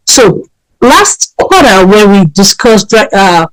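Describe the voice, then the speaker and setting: A woman hosts a radio talk show in a solo monologue, speaking emphatically and repeating her points, with lots of fillers and "right?" tags. Her voice is medium-pitched with lively intonation and a slow pace, on a dry, rough recording.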